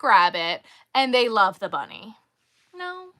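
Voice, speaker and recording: A woman vlogger casually telling a story in an animated, exasperated way. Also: mid-range voice, unhurried. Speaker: crochet vlogger.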